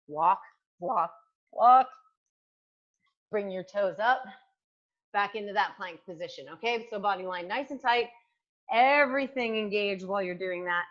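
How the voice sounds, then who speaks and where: A woman's voice: medium pitch, normal speed, fairly bright tone, lo-fi sound. A woman fitness coach demonstrating exercises at home, giving encouraging instructions with frequent fillers. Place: home room with hardwood floor. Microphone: new microphone.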